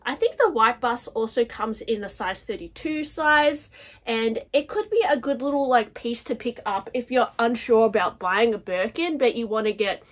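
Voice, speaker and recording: A woman's voice: on the high side, animated, moderate pace. A young woman vlogging about handbags in casual chat to camera, chatty and full of "like" and "guys". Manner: chatty, fills talk with "like" and "guys".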